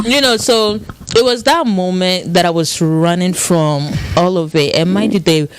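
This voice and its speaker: A woman's voice: lowish voice, moderate pace, clean tone, no echo. A woman in her thirties in casual podcast chat, telling an emotional story with lots of quoted voices. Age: 30s.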